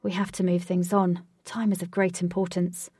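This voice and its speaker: Earnest, lecturing male guide in a storybook reading, mellow and husky, read by a woman. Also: lowish voice, level tone, moderate pace, no room sound, clean studio sound, recorded from a distance. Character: serious male guide spirit Wraith.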